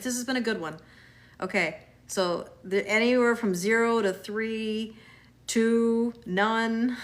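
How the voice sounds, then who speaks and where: Hosting a live tarot reading online, this Canadian woman says hello to viewers and answers their questions as they come in. Her medium-pitched voice carries a chatty, soothing tone, and she regularly fumbles and restarts what she's saying.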